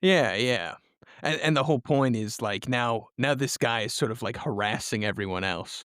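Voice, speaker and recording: A man's voice: mid-range voice, moderate pace, fairly bright tone, clear, resonant tone, dry recording, clean studio sound. A man co-hosting a story podcast who brainstorms eagerly and builds on the others' plot ideas. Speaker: podcast co-host. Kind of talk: casual story-planning chat.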